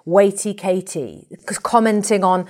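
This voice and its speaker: A woman from England, speaking as an actor in an interview in a lively, colourful, animated way. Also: mid-range voice, a little slow. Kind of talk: reflective conversational interview.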